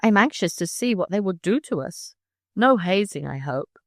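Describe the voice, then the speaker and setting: A woman reading aloud as a kind, earnest schoolgirl who speaks softly and pleadingly. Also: mid-range voice, animated, moderate pace, no echo, studio quality, natural voice. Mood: resolute. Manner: soft and pleading. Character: kind, earnest teenage schoolgirl, gentle and tearful.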